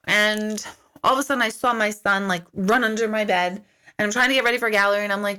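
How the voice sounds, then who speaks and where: A middle-aged woman hosting a casual live-stream Q&A as an intuitive, chatty and storytelling, acting out her own remarks in lively asides. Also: medium pitch, quick pace. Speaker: intuitive medium answering viewer questions.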